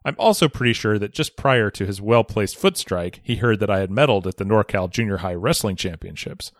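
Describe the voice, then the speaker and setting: A man co-hosting a podcast, reading a listener's letter aloud with expressive storytelling. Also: fairly low pitch, brisk, no echo, studio quality. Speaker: podcast co-host.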